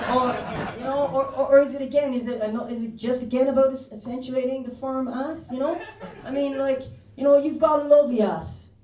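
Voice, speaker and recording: A man's voice: extremely high pitch, dark tone. An Irish man doing a stand-up comedy set, rambling loosely and swearing. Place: comedy club stage. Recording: roomy club, distant mic.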